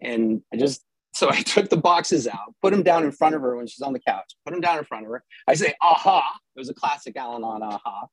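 A man's voice: medium pitch, lively intonation, fast talker, no room sound, poor audio. A middle-aged man from Southern California telling a personal story with wry, self-mocking humor and frequent restarts.

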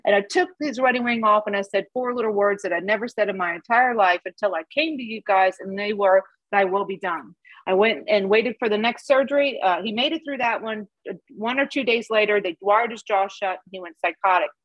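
A middle-aged woman gives a personal testimony to a support group, speaking candidly and often laughing at her own past. Her voice sits at an ordinary pitch for a woman. The recording is dry, with almost no room sound. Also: a little fast, fairly bright tone, no room sound, dull audio. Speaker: Al-Anon member sharing her story. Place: Dallas.

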